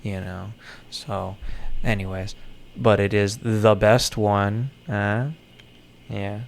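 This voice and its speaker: A man's voice: lowish voice, flat delivery, slow, creaky, slight background noise. A man thinking aloud to himself in casual solo commentary, muttering, sarcastic and swearing offhandedly. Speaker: content creator. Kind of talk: casual solo commentary while puzzling something out.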